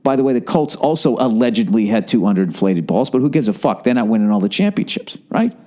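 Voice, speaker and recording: Boston guy on his podcast, sarcastic swearing rant, warm low-key tone. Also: very animated, quick pace. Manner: profane, sarcastic rant with mock voices. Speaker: podcast host. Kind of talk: casual comedic monologue and ad reads.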